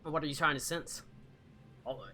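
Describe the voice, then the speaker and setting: A man narrating a tabletop game as game master, slow and halting with many fillers. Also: fairly high pitch, steady tone, pushed and bright, a little hiss or hum.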